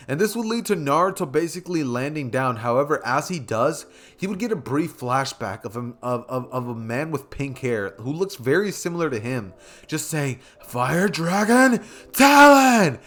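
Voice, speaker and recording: A man's voice: mid-range voice, animated, moderate pace, fairly bright tone. A man narrating a fan-fiction story in a casual, rambling way, with joking asides. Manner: casual, filler-heavy, with self-aware joking asides. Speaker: YouTube storyteller.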